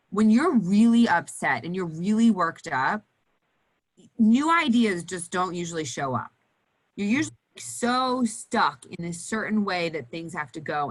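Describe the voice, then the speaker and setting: On a teaching panel for nurses, a female occupational therapist gets animated and performs cheerful children's voices. She speaks at a medium pitch over poor audio.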